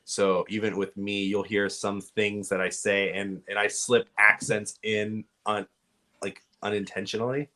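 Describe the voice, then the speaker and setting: A man with a Californian accent, a podcast guest calmly explaining things at length in casual conversation. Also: fairly low pitch, a little slow. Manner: relaxed, explanatory, giving advice at length. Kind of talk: casual interview chat.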